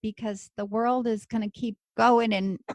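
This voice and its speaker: A woman's voice: on the high side, fairly even intonation, unhurried, a little mellow, no echo. A woman hosting a conversation, answering her guest with affirming, enthusiastic remarks. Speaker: podcast host. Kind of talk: casual interview conversation.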